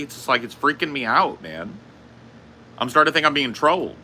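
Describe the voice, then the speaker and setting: The speaker is a man ranting loosely during a livestream chat, cursing a lot, going over the same points, and coughing frequently. He talks briskly in a sharp, mid-range voice against slight background noise.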